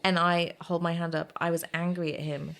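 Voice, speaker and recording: A middle-aged woman speaks as an interview guest in a rather low voice. She tells her story in a lively, animated way, and she speaks frankly. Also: moderate pace, creaky, smooth. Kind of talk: casual interview conversation.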